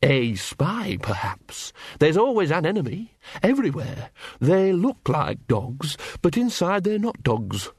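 A shrill, paranoid poodle gang boss, as a man puts him on sneers and threatens in a high, swooping voice that climbs well above the reader's own. The storybook villain sounds close and dry. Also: very animated, measured pace, breathy edge, no room sound, full character voice. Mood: sneering.

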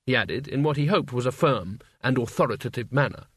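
A man narrating an audiobook in a measured, dry storytelling manner. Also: medium pitch, a bit bright, no room sound. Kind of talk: scripted narration.

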